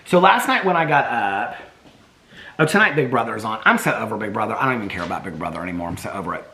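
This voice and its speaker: A man's voice: on the low side, lively intonation, fast, pushed and bright. A man vlogging at home in a casual, rambling chat. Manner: chatty, rambling, baby-talks to his dogs.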